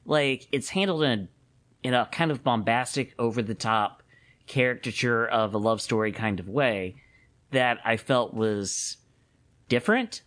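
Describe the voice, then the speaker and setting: In casual conversation as a podcast co-host, this man laughs easily and speaks with animation, frequently starting his sentences over. His voice is mid-range.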